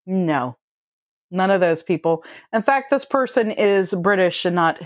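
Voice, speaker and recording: A woman's voice: on the low side, lively intonation, a little slow, dry recording, studio quality. A woman co-hosting a comedy chat, reading out facts in a matter-of-fact way. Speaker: co-host presenting facts.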